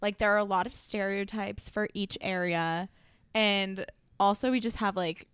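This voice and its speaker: A woman's voice: medium pitch, steady tone, moderate pace, fairly bright tone, smooth, no room sound. A young woman co-hosting a podcast in casual chat, laughing and saying "like" a lot. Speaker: podcast co-host. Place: lives in Boston.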